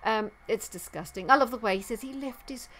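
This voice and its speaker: A woman's voice: on the high side, a little fast, fairly bright tone. Sarcastic, indignant woman vlogger. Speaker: astrology vlogger. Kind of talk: sarcastic commentary vlog.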